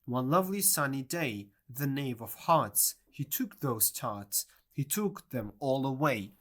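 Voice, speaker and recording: A reader voicing a fussy white rabbit acting as court herald, reciting in a slow, sing-song way. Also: medium pitch, lively intonation, a bit bright. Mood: announcing. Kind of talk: storybook audiobook reading.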